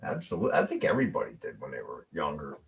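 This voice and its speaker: A man's voice: a bass voice, sing-song, racing. A middle-aged man from Western Pennsylvania hosting a casual car hobby chat. He laughs often and repeats words as he gets going. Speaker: host of a car hobby live show.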